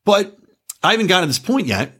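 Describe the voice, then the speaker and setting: A man hosts a casual podcast, sounding off in a loose, profane rant that keeps wandering into side stories. His voice is bright and forward, and his pitch swings widely. He sits a little high for a man. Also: fast talker, husky. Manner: animated, profane, digressive. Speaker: podcast host.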